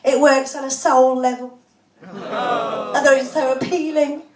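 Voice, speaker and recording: A woman doing a stand-up comedy set of deadpan one-liners, laughing often. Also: sits high, unhurried, background noise. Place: small pub comedy club, audience laughing. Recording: echoey room, voice from far off.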